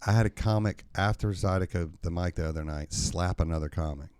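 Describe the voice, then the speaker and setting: A man with a lowish voice spins animated, swear-laced stories as a comedian on a podcast. He is recorded close and dry in a studio. His delivery is loose and conversational. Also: brisk, clear, resonant tone, dry recording. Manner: animated, profane storyteller. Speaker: comedian and open mic host. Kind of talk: casual podcast storytelling.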